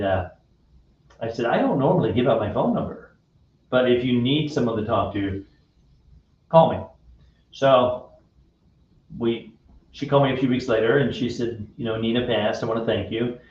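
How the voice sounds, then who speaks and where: A man hosting a radio show, telling a personal story in a friendly, unhurried way. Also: medium pitch, a little mellow. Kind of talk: casual faith-based chat. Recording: echoey room, distant dull mic.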